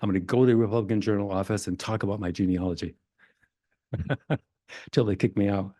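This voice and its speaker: An older man from Maine presents family history to a library audience. His voice is low and mellow, picked up dry and close. He reads old records aloud in a relaxed, self-deprecating way. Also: a little fast, no room sound. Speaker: genealogy presenter. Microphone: presenter mic in a library meeting room.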